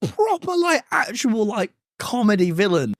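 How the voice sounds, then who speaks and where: A man's voice: high-pitched, unhurried, no echo, clean studio sound. Young british guy on a podcast, voice jumps all over, acts out quotes. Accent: British English. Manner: animated storyteller acting out quoted voices. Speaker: podcast co-host. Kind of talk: casual podcast chat.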